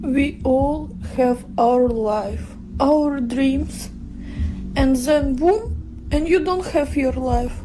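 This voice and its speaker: Slow, tearful woman over loud music. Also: high-pitched, poor audio. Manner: slow, broken English, grief-stricken. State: crying. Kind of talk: emotional testimony.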